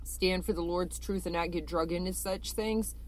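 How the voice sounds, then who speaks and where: A woman's voice: lowish voice, fairly even intonation, normal speed. A woman co-hosting a faith talk, speaking in a matter-of-fact, cautionary way and quoting scripture. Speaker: co-host.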